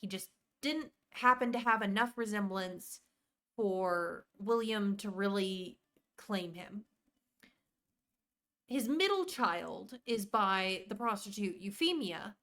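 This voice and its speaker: Woman streamer, casual and chatty, mid-pitched voice, greets her chat while she plays. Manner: chatty, rambling, warmly greets viewers by name. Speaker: live streamer.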